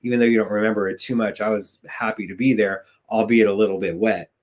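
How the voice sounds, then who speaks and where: A man's voice: lowish voice, fairly even intonation, fast. A man hosting a podcast interview, enthusiastic and asking leading questions. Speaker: podcast host. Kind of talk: casual interview chat.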